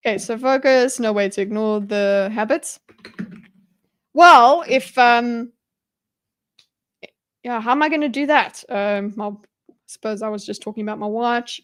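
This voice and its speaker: A woman's voice: fairly high pitch, clean tone. A woman talking through a mind map on a live stream, rambling and restarting her sentences as she chats with viewers. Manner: rambling, self-interrupting, chatty with viewers, quick laughs. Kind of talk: thinking aloud while mind-mapping on a live stream.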